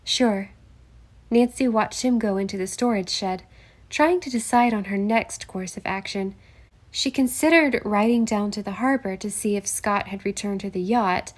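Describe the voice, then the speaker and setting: A woman reading a mystery audiobook aloud in steady, measured narration. Her voice sits at an ordinary middle pitch, and she tells the story evenly. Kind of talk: scripted narration.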